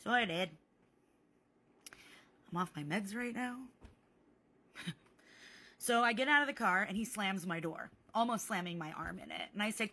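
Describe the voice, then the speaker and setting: Casting: young woman, bright tone, sarcastic storyteller, phone vlog. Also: mid-range voice, moderate pace, pauses often. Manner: animated, sarcastic, swearing freely. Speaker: parent telling a story.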